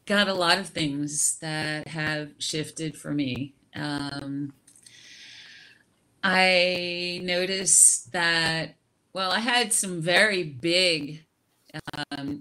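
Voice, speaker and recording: A middle-aged woman on a video call, sharing her personal experience slowly and reflectively, with frequent laughter and restarts. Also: low voice, bright, forceful tone.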